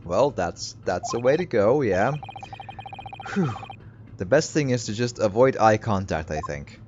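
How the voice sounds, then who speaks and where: Lowish, lively game streamer, rambling joking asides; muffled, hissy capture. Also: male voice, measured pace. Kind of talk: let's play commentary. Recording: slightly muffled, steady hiss behind.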